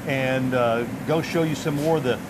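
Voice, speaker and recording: A man hosts a local TV feature in a friendly, chatty way. He keeps a middle pitch and fills gaps with easy mm-hmms. He is recorded on location in a restaurant, with clear background noise around him. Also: normal speed. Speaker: TV segment host. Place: restaurant and its kitchen.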